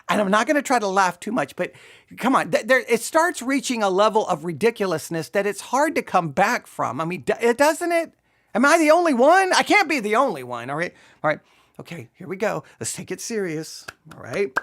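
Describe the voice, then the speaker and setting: A commentator picks apart a sermon with open sarcasm and disbelief, keeping a straight face only with effort. The voice rises and falls widely in pitch. It is recorded close and dry, with no room sound. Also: no echo. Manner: sarcastic, incredulous, half-laughing. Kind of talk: mocking commentary.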